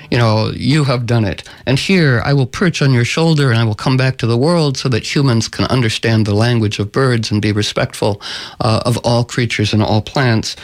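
A man's voice: medium pitch, lightly acted. A man doing a gracious talking bird. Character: wise talking bird, gracious magical creature.

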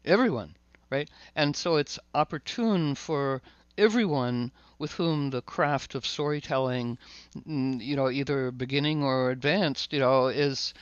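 A man hosting a loose, spiritual chat, circling his ideas and repeating words as he goes. His sound is dry and slightly dull, like a lo-fi recording. He breaks into animated asides. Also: medium pitch, a little slow, smooth, dry recording. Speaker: host. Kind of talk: casual spiritual conversation.

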